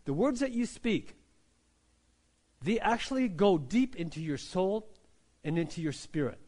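A man's voice: high voice, expressive, measured pace, dark tone. A man, a pastor, preaching a sermon in a conversational way, checking in with "right?" and restarting his phrases. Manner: conversational preaching, frequent "right?" and "you know" tags, repeated restarts.

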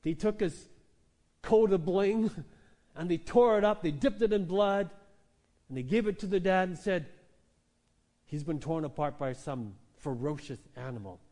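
A man with a high voice preaches with animated energy. He tells his story vividly and acts out the people in it. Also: a little slow, long pauses. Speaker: pastor. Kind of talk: sermon.

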